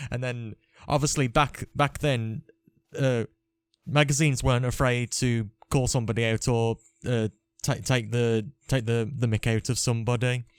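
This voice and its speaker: A man's voice: medium pitch, clear, resonant tone, no room sound. Chatty man hosting a podcast. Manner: chatty, rambling with restarts. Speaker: podcast host. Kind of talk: casual chat.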